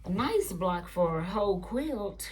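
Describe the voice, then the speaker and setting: A woman who hosts a quilting channel. She chats casually and rambles through family stories during a sewing tutorial, sometimes dropping into soft muttered asides. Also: medium pitch, sing-song, measured pace, a little hiss or hum.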